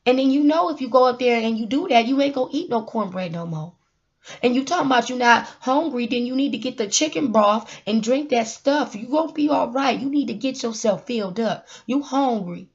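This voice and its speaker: A young woman with a fairly high voice delivers a comic mock prayer, rolling out repeated calls to the Lord in a preacher's cadence. She mixes joking pep talk with a laugh at her own bit. The sound is dull and lo-fi. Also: brisk. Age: 20s. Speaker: vlogger. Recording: dull lo-fi recording.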